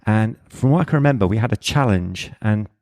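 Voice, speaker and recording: A man telling a story on a podcast in a loose, rambling way, with swearing and laughter slipped in. His voice sits slightly low. It is relaxed, easy conversation between friends. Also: brisk. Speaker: podcast co-host. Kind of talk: casual anecdote telling.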